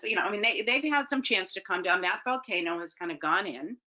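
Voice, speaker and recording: A woman giving an informal talk to parents, lively, acting out lines and often checking in with "okay?". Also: medium pitch, fairly quick. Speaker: parenting educator. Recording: dull lo-fi audio.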